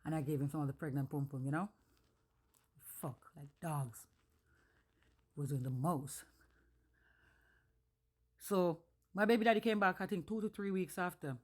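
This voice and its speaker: A woman telling a personal story casually, blunt, animated and full of swearing. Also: low-pitched, measured pace, long pauses.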